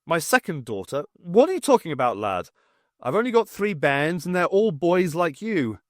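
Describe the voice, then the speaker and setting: A man's voice: on the high side, very animated, normal speed, no echo, clean studio sound, voice pushed up. A man as an urgent bewildered father. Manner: urgent, pleading. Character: bewildered, demanding working father.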